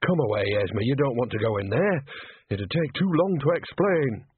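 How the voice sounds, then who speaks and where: A man's voice: medium pitch, animated, normal speed, a little hiss or hum, lightly acted. A man voicing an earthy older village witch who mutters bluntly and gets flustered. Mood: grumbling. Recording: tinny phone-like, dry.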